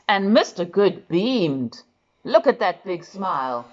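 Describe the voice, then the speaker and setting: Lively woman reading a picture book aloud. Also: mid-range voice, slow, dull audio. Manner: expressive, speaks to the listener directly. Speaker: storyteller.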